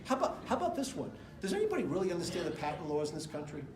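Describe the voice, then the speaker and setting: A middle-aged man from the United States delivers an off-the-cuff campaign speech, his voice pitched notably high. He talks in a rambling, emphatic way, hopping from stories to statistics. The sound bounces around an echoey room. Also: wildly swooping pitch, very fast, background noise. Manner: rambling, emphatic, jumps between anecdotes and numbers. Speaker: political candidate. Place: indoor room with an audience.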